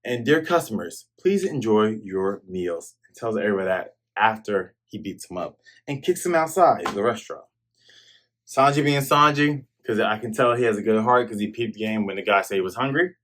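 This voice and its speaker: A man casually recapping a comic chapter, retelling it in a slangy, animated way and dropping into quick character voices. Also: fairly low pitch.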